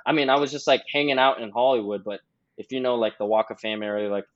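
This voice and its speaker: A young man in his twenties, a podcast guest, telling a long story in loose, rambling chat full of fillers. His voice sits at an ordinary middle pitch. The recording sounds slightly dull and lo-fi. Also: quick pace. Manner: rambling, heavy on "like".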